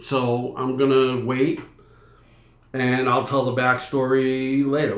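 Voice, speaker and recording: A man's voice: medium pitch, monotone, takes it slowly, reverberant. A man in his fifties with a Boston accent, chatting casually to camera in a rambling, self-interrupting way. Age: 50s. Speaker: vlogger.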